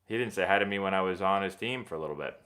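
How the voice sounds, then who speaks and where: A young man hosting a casual live stream, answering viewer questions in a rambling, animated sports-fan way. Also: low-pitched, racing, a little hiss or hum. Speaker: host of a live baseball Q&A stream.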